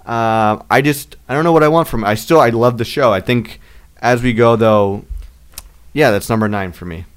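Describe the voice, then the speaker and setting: A man's voice: mid-range voice, normal speed, smooth. A man co-hosting a podcast, chatting casually with plenty of fillers and restarts. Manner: rambling, filler-heavy. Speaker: podcast co-host. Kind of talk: casual chat.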